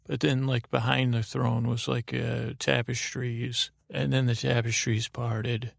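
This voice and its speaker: A man's voice: medium pitch, level tone, unhurried, vocal fry, dry recording, clean studio sound. A man hosting a podcast, telling a meandering bedtime story full of ums and restarts. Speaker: podcast host.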